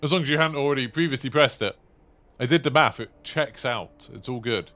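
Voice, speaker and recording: A man's voice: medium pitch, fairly quick, pushed and bright. A man in his thirties chatting casually to viewers while streaming, rambling with lots of fillers. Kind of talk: casual live-stream chat.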